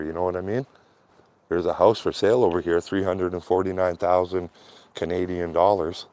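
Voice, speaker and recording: A man vlogging casually while walking outdoors down a quiet street, rambling to his viewers and warm from the walk. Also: low voice.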